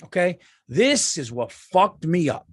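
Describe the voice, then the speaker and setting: A man's voice: on the high side, sing-song, measured pace, fairly bright tone, slightly rough, no room sound, studio quality. A man, a comedian hosting his podcast in a heated, profane ranting monologue. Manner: profane, heated, mocks people in quoted voices.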